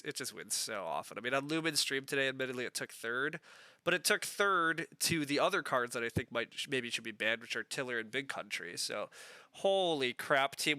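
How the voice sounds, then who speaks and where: Bright, crisp man streaming a game. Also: medium pitch, no echo. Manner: thinking aloud, chatty, lots of fillers. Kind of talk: live game stream commentary.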